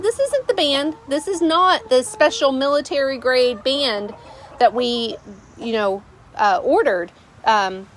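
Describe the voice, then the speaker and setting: Lady vlogging outside, kinda high voice, fed up and rambling, chickens faint in the back. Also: fairly bright tone, a little hiss or hum. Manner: exasperated, rambling, many fillers. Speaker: vlogger, channel host. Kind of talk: casual storytelling to camera. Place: rural homestead, outdoors.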